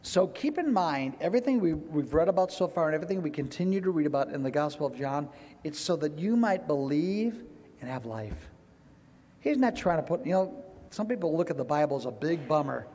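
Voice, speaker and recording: Animated pastor preaching in a reverberant church. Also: male voice, a little high, a little fast, slight background noise. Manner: emotional, animated, acts out quoted voices. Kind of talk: sermon. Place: church sanctuary.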